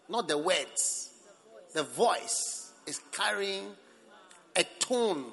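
Bright, lively, slow-paced preacher man. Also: fairly high pitch, big-room sound. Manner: emphatic, with sudden swings between loud and soft. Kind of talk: sermon. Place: church service.

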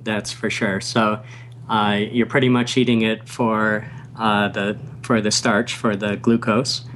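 A man speaking as a podcast guest in a measured, somewhat hesitant way, in casual chat. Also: lowish voice, level tone, a bit bright, slight background noise.

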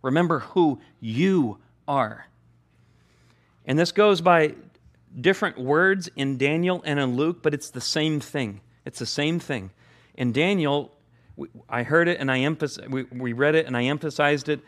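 A man's voice: fairly high pitch, normal speed, fairly bright tone. A male pastor preaching a sermon, repeating key phrases for emphasis.

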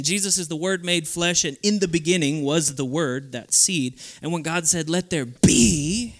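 A man with a fairly high voice preaches at a youth camp. His delivery is animated, and he slips into the voices of the people he quotes. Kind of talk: sermon.

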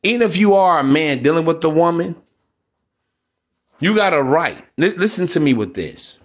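Male podcast host, blunt, profane, preachy, somewhat high voice. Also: very animated, normal speed. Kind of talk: casual monologue.

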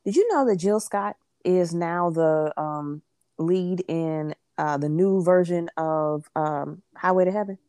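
A woman's voice: lowish voice, unhurried, warm tone, smooth, dry recording, clean studio sound. A woman co-hosting a podcast, chatting in a sassy, playful way with many hums of agreement. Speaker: podcast co-host. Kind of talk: casual chat.

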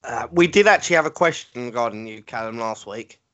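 Young male podcast host, relaxed news read, muffled lo-fi sound. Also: mid-range voice, fairly quick. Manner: relaxed, reads news with fillers. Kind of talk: casual gaming podcast chat. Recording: dull lo-fi podcast audio.

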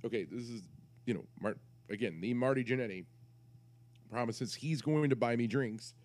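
A man's voice: medium pitch, normal speed, darkish tone. A man on a podcast, telling a rambling, crude story in casual chat and interrupting himself as he goes. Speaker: podcast co-host.

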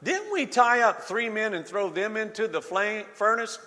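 A proud ancient king exclaims and gives orders, as a preacher reads him aloud. The voice is high and bright, swinging widely in pitch. A long reverb fills the hall around it. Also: very animated, moderate pace, exaggerated voice. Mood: amazed. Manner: exclaiming, commanding.

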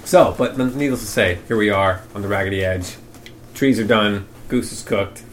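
A man's voice: lowish voice, moderate pace, slight background noise. A man co-hosting a podcast in laid-back, joking banter. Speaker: podcast co-host.

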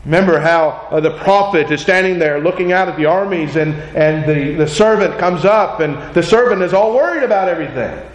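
High-voiced man preaching in an echoey room. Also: fairly quick, few pauses. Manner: conversational, asks rhetorical questions, frequent "right?" tag. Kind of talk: teaching sermon on scripture.

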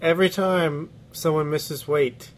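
A man co-hosts a casual sports podcast, laughing often and offering blunt opinions laced with casual swearing. His voice is a little high, with fairly even intonation and a measured pace.

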